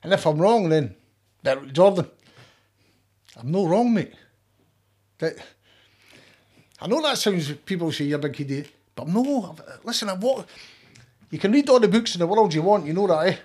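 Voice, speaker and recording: A man's voice: high-pitched, lively intonation, normal speed, long pauses, darkish tone, husky. A middle-aged man with a Scottish accent, talking as a guest in a heated, emphatic, sweary way with many restarts. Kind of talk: casual interview chat.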